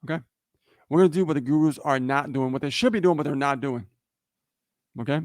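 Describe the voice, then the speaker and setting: Animated storytelling man, slightly high voice. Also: brisk, dry recording, studio quality. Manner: animated storyteller, keeps checking in with "okay?" and "right?". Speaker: livestream co-host. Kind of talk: casual motivational talk.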